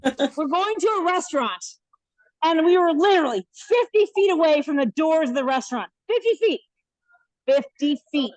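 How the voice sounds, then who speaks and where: A woman in her fifties telling an animated comic story in a live virtual stand-up set over a video call. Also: sits high, fairly quick, dry recording, poor audio. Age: 50s. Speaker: stand-up comedian. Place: hotel room. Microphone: laptop webcam on a video call.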